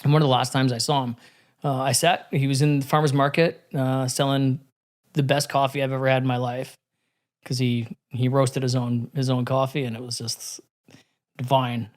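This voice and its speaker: Male podcast talker, mid-pitched voice, unpolished, swears freely. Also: little pitch movement, moderate pace. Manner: candid, profane storyteller with many restarts. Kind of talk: casual podcast conversation.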